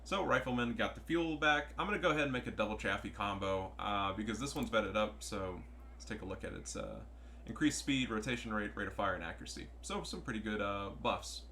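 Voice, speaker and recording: Man, young adult, bright voice, profane excitable game commentary, faint room hum. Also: on the low side, fairly quick. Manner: profane, excitable, trash-talking. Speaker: gameplay commentator. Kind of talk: casual gameplay commentary.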